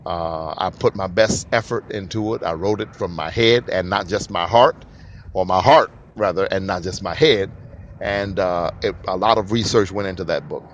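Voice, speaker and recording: A man's voice: low-pitched, normal speed, highs cut off, slight background noise. A man hosting his own podcast, talking in an emphatic way and repeating phrases for stress. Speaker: podcast host. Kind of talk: solo podcast monologue.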